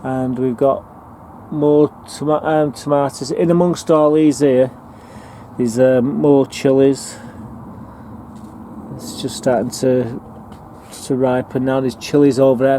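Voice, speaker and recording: A man's voice: medium pitch, fairly even intonation, unhurried, mellow, slight background noise. A man, chatting casually and rambling through fillers as he walks a tour of his allotment garden. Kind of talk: casual walking tour narration. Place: outdoor allotment garden in a town.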